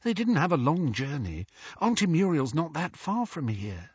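A worried teenage girl speaks quietly in a raised, husky voice, as a male narrator puts her on. The audio is slightly dull and lo-fi. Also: a little high, very animated, normal speed, dry recording, voice pushed up. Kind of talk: audiobook character voice.

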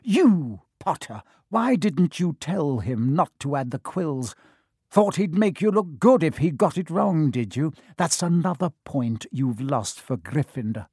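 A man voicing a cold, sneering male potions teacher who speaks slowly, low and cutting. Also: animated, darkish tone, husky, no echo, studio quality. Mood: snarling.

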